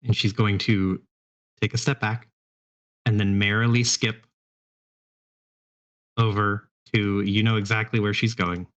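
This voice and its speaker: A man's voice: on the low side, level tone, a little slow, pauses often, a bit bright, lo-fi sound. A man narrating as game master in a tabletop game, talking in a rambling, hesitant way. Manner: rambling, hesitant, full of fillers.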